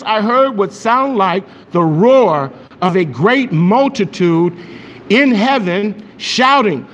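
A man preaching a sermon, excited and emphatic, often asking his listeners questions. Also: extremely high pitch. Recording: long echo of a hall, faint noise.

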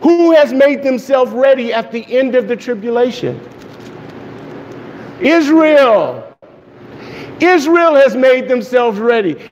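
Guy preaching real excited, high voice, long hall echo, bit of background hiss. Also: slow pace, long pauses, lo-fi sound. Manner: excited, emphatic, asks the listeners questions. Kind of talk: sermon.

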